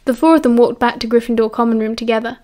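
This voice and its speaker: A woman's voice: on the high side, fast talker, a little mellow. British woman reading an audiobook. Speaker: audiobook narrator.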